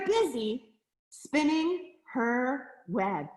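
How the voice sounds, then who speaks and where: A woman's voice: a little high, slow, echoey room. A woman educator reading a picture book aloud to children, gasping with surprise and asking them questions as she goes. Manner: animated, gasps and asks the listening children questions. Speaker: nature center educator.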